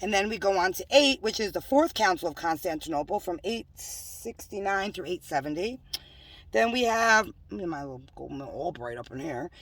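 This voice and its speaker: A woman's voice: lowish voice, lively intonation, normal speed, fairly bright tone, no room sound, distant mic. A woman preaching in a home-made religious video, emphatic and scolding, with joking asides. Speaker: self-styled religious preacher.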